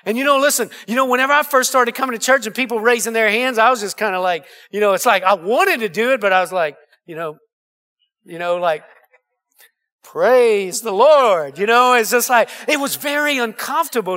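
A man's voice: extremely high pitch, fast, bright, forceful tone. A male pastor preaching a sermon in church, calling out to the congregation for amens. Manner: preaching with call-and-response asides. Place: church sanctuary.

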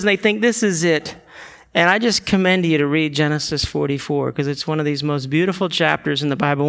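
A man preaching a sermon, retelling scripture stories and acting out the quotes, building to loud emotional peaks. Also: fairly high pitch. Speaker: pastor.

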